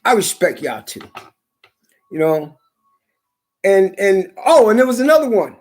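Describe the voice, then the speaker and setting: High-voiced man, fiery profane rant, pushes into shouting. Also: big pitch swings, unhurried. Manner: heated, swearing, rising into shouts. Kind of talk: profane ranting monologue.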